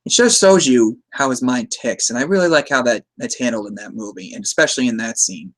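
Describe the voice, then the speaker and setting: A man's voice: medium pitch, brisk, hardly any pauses, a bit bright. A man hosting a podcast, recapping a movie in a casual, rambling way, chuckling often and slipping into quoted lines. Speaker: podcast host.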